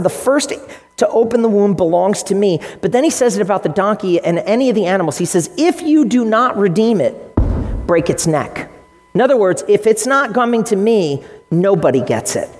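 A woman's voice: on the low side, a little mellow. A woman pastor preaching a sermon to her congregation, teaching earnestly with varied emphasis. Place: church sanctuary. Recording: long reverb in a large hall.

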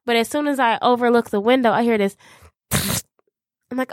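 A woman co-hosting a podcast, telling a party story in lively casual chat. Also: fairly high pitch, a little fast, no room sound, studio quality. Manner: animated storytelling. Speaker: podcast co-host.

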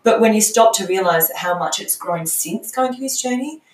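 A woman's voice: mid-range voice, expressive, moderate pace. A middle-aged mother and coaching client, reflecting candidly in a podcast conversation, often restarting her sentences. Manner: candid, searching, trailing restarts. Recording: roomy echo, distant from mic.

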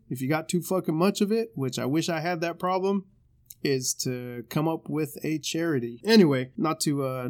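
A man co-hosting a podcast in casual chat, telling stories loosely with swearing, jokes and quick put-on voices. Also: fairly high pitch, a little mellow. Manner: loose, swearing storyteller who does voices and laughs often. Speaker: podcast co-host.

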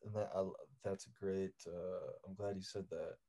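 A man interviewing a guest, asking rambling, halting questions with many fillers. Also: low voice, level tone, warm tone. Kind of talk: casual interview.

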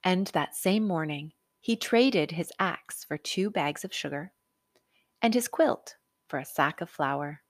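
Female narrator for a picture book read-aloud; lowish voice, animated and slow. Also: no room sound, studio quality. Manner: expressive, unhurried, dramatic. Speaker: storyteller.

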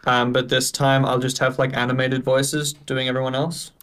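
A man's voice: mid-range voice, flat delivery, moderate pace, fairly bright tone, clear, resonant tone. A man co-hosting a gaming podcast, joking and swearing freely. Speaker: podcast co-host. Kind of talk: casual gaming podcast chat.

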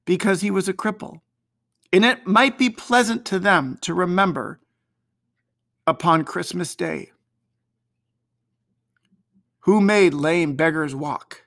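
A reader voicing a cheerful, gentle poor father who speaks tenderly about his family, in an audiobook. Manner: gentle, tender, lifted pitch.

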